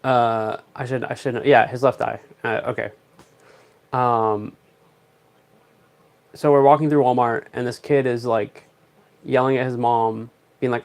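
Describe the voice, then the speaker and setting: A man's voice: mid-range voice, steady tone, normal speed. A young man, chatting on a casual livestream, rambling through stories with dry, joking asides. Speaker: live streamer.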